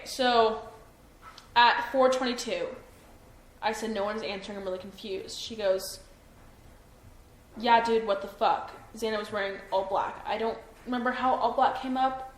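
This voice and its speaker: A young adult woman giving a halting account to an interviewer, full of "like" and restarts. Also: fairly high pitch, fairly even intonation. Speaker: witness being interviewed. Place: indoors at her home. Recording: echoey room with faint ambient noise.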